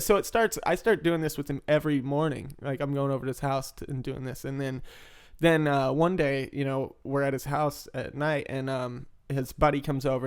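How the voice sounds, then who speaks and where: A man telling animated stories in casual conversation, laughing often and acting out loud exclamations. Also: mid-range voice, clear, resonant tone. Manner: animated, laughs often, mimics others loudly. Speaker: interviewee in recovery. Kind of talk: casual storytelling.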